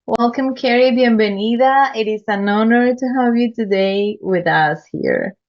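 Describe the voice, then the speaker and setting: A woman's voice: on the high side, unhurried, highs cut off. A woman hosting a podcast interview, earnest and complimentary toward her guest. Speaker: podcast host. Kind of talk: interview, formal introductions.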